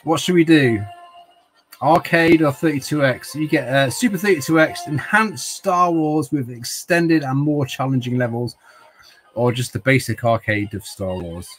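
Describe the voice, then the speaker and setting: A man's voice: medium pitch, moderate pace, breathy edge, faint music behind. A man hosting a casual livestream, rambling and chatting with viewers by name while a little tipsy from wine. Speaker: livestream host.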